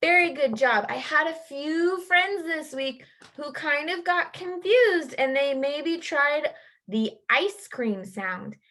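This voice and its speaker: A young woman teaching young children a phonics lesson over a video call, in a slow, clear, sing-song call-and-response. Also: sits high, lively intonation, bright, forceful tone. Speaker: kindergarten teacher.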